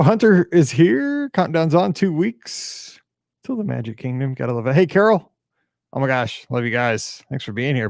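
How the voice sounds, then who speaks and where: A man's voice: mid-range voice, creaky, no echo, clean studio sound. Tired, chatty man hosting a live podcast. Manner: chatty, upbeat, hums and mutters to himself. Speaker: podcast host. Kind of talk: casual pre-show chat greeting live viewers.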